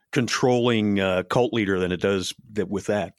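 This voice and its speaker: A man co-hosting a podcast in casual chat, talking in a halting way with many restarts. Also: on the low side, dry recording, studio quality. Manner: hesitant, lots of restarts and uh's. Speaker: podcast co-host.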